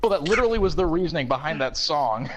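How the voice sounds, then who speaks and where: A man in casual chat with a friend, laughing often and reading words aloud in a slow mocking drawl. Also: a little high, lively intonation, a bit bright, soft background music.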